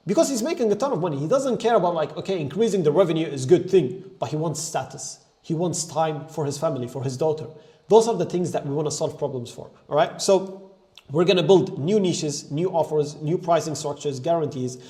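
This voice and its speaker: A young male business coach talks straight to his viewers in an emphatic, driving way. His voice sits a little high but has a mellow, soft edge. He keeps leaning on "like" and checking in with "right?". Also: brisk. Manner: energetic and emphatic, peppered with "like" and "right?". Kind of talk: motivational business talk to camera.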